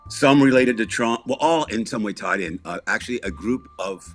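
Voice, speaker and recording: Husky low-voiced man telling a story. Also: expressive, normal speed, faint music behind. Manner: rambling, with many restarts and asides. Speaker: podcast co-host. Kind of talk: casual storytelling.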